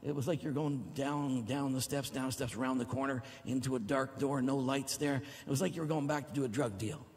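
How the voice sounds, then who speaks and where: A man's voice: medium pitch, steady tone, fairly quick, hardly any pauses, darkish tone. A middle-aged man preaching a sermon as pastor, exuberant and at times whooping. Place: large church hall. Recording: long reverb of a church hall.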